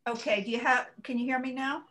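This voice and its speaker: A woman reading a text aloud for her class over a video call, in a plain, even way. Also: high voice, fast talker, rough recording.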